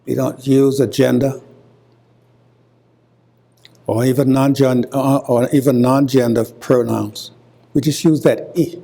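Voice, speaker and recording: An older man from Hilton Head Island with a Gullah accent, giving a university lecture deliberately and repeating example words as he explains. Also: medium pitch, steady tone, gravelly, dark tone. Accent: Gullah, coastal South Carolina. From Hilton Head Island, South Carolina. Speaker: guest lecturer.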